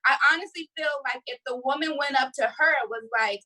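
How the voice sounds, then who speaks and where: A woman's voice: high-pitched, fast talker, bright, forceful tone, low-quality recording. A woman on a reality TV recap panel, talking in sassy, emphatic casual chat.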